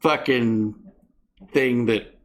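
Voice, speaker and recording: A man's voice: mid-range voice, very slow. A man hosting a casual comedic news show, reading stories and adding sarcastic, exasperated asides.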